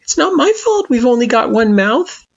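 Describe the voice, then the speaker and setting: A timid, playful young person with a soft, breathy voice that swings high and lively, as a man puts them on. It comes through a dull, lo-fi recording, like an audio storybook read at home. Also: measured pace, full character voice. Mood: teasing.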